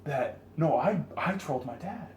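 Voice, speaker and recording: A man's voice: on the high side, animated, normal speed. A young man talking candidly and animatedly in a casual podcast chat, laughing and swearing often. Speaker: podcast co-host. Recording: echoey room with faint noise.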